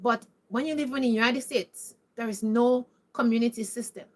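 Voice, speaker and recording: Woman vlogger, high voice, emphatic and preachy monologue. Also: moderate pace. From Caribbean. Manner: emphatic, preachy, repeated rhetorical questions. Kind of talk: opinionated monologue to camera.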